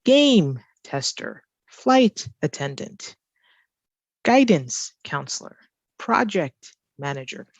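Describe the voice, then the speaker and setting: Woman ESL teacher, unhurried and careful, repeats phrases, dry recording. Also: low voice, sing-song, creaky, dry recording, highs cut off. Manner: repeats key phrases slowly for learners. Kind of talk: slow, careful teaching explanation.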